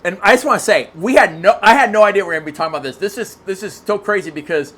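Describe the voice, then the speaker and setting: Excitable man rambling through a story. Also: high voice, racing. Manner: excitable, rambling, many restarts. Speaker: podcast guest. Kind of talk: casual storytelling chat.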